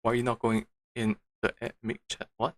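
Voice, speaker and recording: A man's voice: medium pitch, monotone, fairly quick. A man streaming a game, muttering to himself with frustrated, disbelieving outbursts. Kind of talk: casual gameplay commentary.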